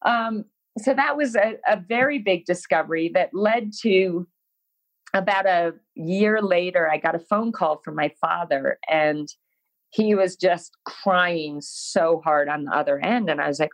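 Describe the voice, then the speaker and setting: A woman's voice: lowish voice, measured pace, poor audio. A woman guest in an interview, telling a personal story in a frank, self-deprecating way and acting out her own past words. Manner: frank, self-deprecating, animated when quoting herself.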